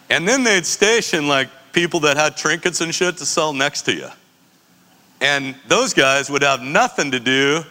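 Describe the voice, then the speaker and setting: A middle-aged man spins casual stories in a bright, forward voice, laughing often as he goes. He swears freely and slips into quick impressions of the people he talks about. His voice rings out with a long reverb trailing behind it. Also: medium pitch. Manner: laid-back, profane, laughs often, acts out others' lines. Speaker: coffee business founder telling stories. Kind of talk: casual storytelling.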